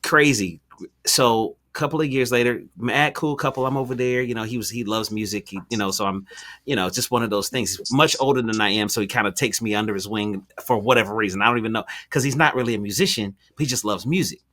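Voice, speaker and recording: A man's voice: fairly low pitch, quick pace, pushed and bright. A man hosting a talk show, telling a story in a loose, slangy way with lots of fillers and restarts. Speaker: podcast host. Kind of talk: casual conversational storytelling.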